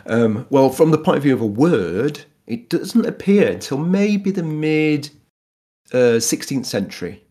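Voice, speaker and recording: A man's voice: a little high, lively intonation, unhurried, mellow. A man from Yorkshire with a Yorkshire accent, chatting casually about food history, laughing often and restarting his sentences. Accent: Yorkshire English. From Yorkshire, England. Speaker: guest explaining food history. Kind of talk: casual conversational explanation.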